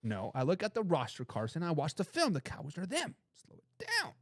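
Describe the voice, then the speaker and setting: A man's voice: fairly high pitch, a little fast, no echo, studio quality. A man hosting a football talk show, arguing emphatically and reading chat comments. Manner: emphatic, animated and opinionated, repeats phrases for emphasis.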